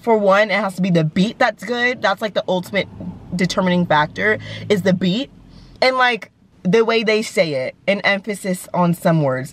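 A woman's voice: lowish voice, a little hiss or hum. A young woman chatting casually as a music vlogger, gushing and giggly, with lots of fillers. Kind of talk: casual chat.

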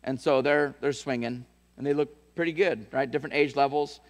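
A man's voice: mid-range voice, steady tone, moderate pace, big-room sound. A man preaching a sermon as pastor, telling a story with restarts and repeated words, and building to emphatic calls to his church.

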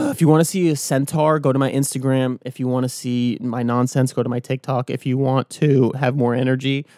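A man hosting his own daily vlog and podcast, talking in an energetic, rambling, motivational way outdoors early in the morning. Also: medium pitch, no echo, clean studio sound. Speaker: vlogger and podcast host. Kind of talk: casual solo vlog talk.

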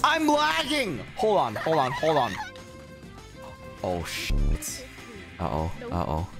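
A man streaming a video game, chatting casually and excitably, swearing and bursting into shouts. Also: on the low side, slow pace, creaky. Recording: game music underneath.

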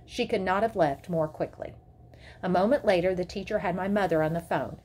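A woman teacher reading a children's novel aloud to her class with expressive storytelling. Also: on the low side, moderate pace, slightly rough.

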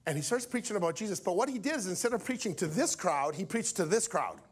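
A male preacher telling a story from the pulpit in an animated way, acting out each character's lines. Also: high voice, fast talker, breathy edge. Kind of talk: storytelling sermon.

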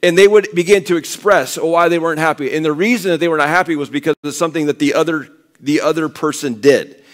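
A middle-aged man preaching a sermon as pastor, conversational and animated, acting out quoted voices. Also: on the high side, fast.

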